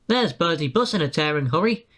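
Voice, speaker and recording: An offhand male railway fireman , put on by a storybook narrator, who rattles off his words quickly and dismissively. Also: mid-range voice, animated, a bit bright.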